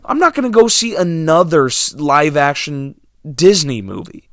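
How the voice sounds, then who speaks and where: A man's voice: a little high, big pitch swings, normal speed, a bit bright, no echo, clean studio sound. A young man ranting casually to his viewers about movies and theaters, sarcastic and exasperated, dropping to mumbles and then flaring up. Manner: exasperated, sarcastic, swinging between mumbles and outbursts. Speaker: movie vlogger.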